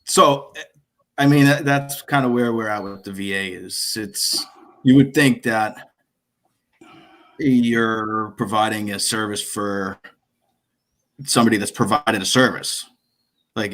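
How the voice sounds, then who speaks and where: A man talking as a guest in a casual chat, often restarting his sentences and laughing quietly. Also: lowish voice. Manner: halting, with restarts and dry laughs.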